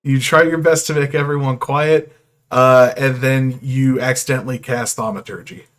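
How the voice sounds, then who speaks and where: A man's voice: mid-range voice, steady tone, moderate pace, a bit bright. A man running a tabletop game as game master, laid-back and laughing often, with many "uh" fillers.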